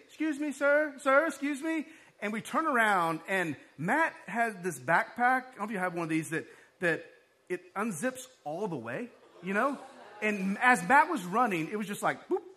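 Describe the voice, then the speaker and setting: Male pastor, high bright voice, sermon, chatty storytelling delivery. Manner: conversational storytelling, animated when excited.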